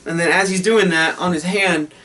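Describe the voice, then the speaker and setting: Excited, profane man reviewing a film. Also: high voice, moderate pace, distant mic. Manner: excited, profane, laughing often.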